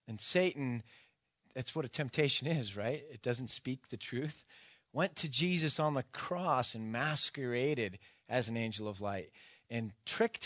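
Middle-aged pastor man preaching casual, cracks jokes, lots of um's, gets worked up telling a story, mid pitch, dry sound. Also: a bit bright, no room sound. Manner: casual, joking asides, fillers, builds to emphatic storytelling. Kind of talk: conversational sermon.

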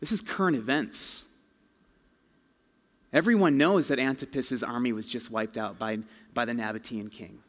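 A man's voice: medium pitch, moderate pace. A man preaching a sermon in a casual, conversational storytelling way, full of slang. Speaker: pastor. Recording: long hall reverb.

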